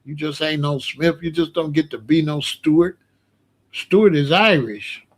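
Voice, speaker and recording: A man's voice: a little high, measured pace. A middle-aged man ranting bluntly and profanely in casual commentary, repeating himself and dismissing others.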